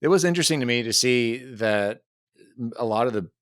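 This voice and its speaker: A man's voice: medium pitch, animated, brisk, a bit bright, smooth, no echo, clean studio sound. A man co-hosting a casual podcast chat, easygoing, laughing often and chiming in with short replies. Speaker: podcast co-host.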